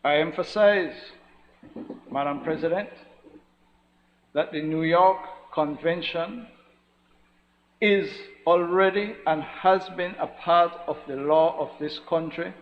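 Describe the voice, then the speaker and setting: Slow, emphatic Belizean man in a senate chamber. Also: a little high. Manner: measured, emphatic, repeats formal address. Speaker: senator presenting a resolution. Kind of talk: formal parliamentary speech. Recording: lo-fi recording with long hall reverb and faint noise.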